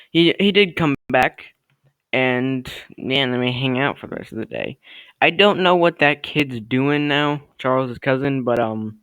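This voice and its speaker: A man's voice: medium pitch, a bit bright, smooth, no room sound, rough recording. A young man telling a story from his own life to camera in a casual, rambling way, swearing often and filling gaps with "like" and "uh". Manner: rambling, profane, lots of fillers. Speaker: storytime vlogger.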